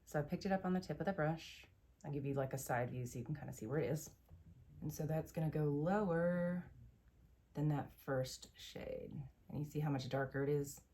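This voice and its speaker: A woman's voice: sits low, a little fast, warm tone. A woman hosting a makeup tutorial, chatty and enthusiastic, explaining each step as she goes. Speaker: beauty vlogger.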